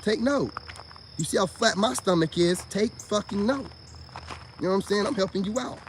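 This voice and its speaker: A man giving a profane, mocking monologue, swinging between high outbursts and low mutters. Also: normal speed, slight background noise. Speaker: online commentator. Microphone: self-recorded video.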